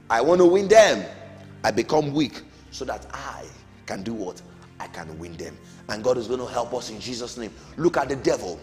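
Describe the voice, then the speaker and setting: Animated, with a medium pitch and moderate pace, this middle-aged man leads a Sunday school lesson on the Bible. Emphatic rising calls alternate with falling amens, and the recording carries long hall reverb and faint music.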